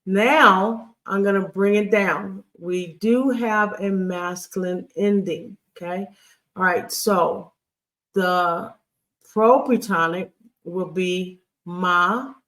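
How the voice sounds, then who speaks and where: A teacher giving a recorded Hebrew grammar lesson while writing on screen, talking in a halting, patient way and often checking in with the class. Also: mid-range voice, fairly bright tone.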